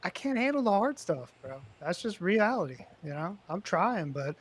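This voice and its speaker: High-voiced man telling animated stories. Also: moderate pace, husky. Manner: animated storyteller, loud and high when retelling confrontations. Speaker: podcast co-host. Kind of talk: casual podcast banter and storytelling.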